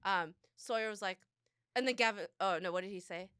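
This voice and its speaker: A woman in her thirties co-hosting a podcast, chatting bluntly, swearing freely and acting out her family in loud bursts. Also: medium pitch, brisk, clean tone, dry recording, studio quality. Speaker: podcast co-host. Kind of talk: casual chat.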